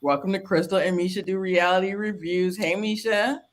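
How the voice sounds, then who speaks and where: A woman co-hosting a casual reality TV review, talking in a chatty way with fillers and quick laughs. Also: medium pitch, fairly even intonation. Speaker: co-host.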